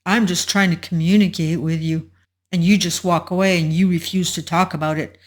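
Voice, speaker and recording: A woman's voice: on the low side, steady tone, normal speed, natural voice. A woman voicing an angry, belittling narcissistic partner who fires off indignant, accusing questions.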